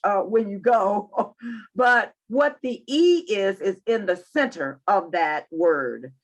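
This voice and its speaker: Emphatic woman. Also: mid-range voice. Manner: emphatic, repeats points for stress. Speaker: chamber of commerce president and CEO. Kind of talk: interview guest.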